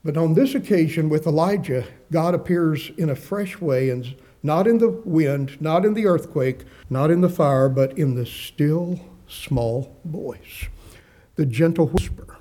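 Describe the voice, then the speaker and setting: An earnest male preacher with a fairly high, mellow voice. He puts rhetorical questions to his congregation. He eases into a soft hush on tender words and lifts his voice to press a point. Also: expressive, moderate pace. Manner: drops softly for gentle phrases, rises for emphasis. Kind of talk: sermon.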